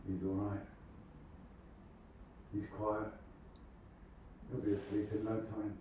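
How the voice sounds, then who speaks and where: A man's voice: lowish voice, monotone, takes it slowly, noisy background. An actor playing a stern, controlling father in a game cutscene, heard as distant echoey game audio. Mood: quiet. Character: stern working-class father, gruff and controlling.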